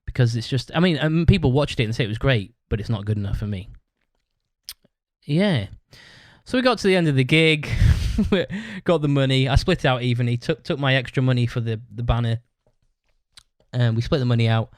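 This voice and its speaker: The recording has clean studio sound with no room sound, capturing a mid-range voice that moves a little fast. The speaker hosts his own podcast, telling a long story in a blunt, heavily profane, rambling way with restarts in a casual monologue.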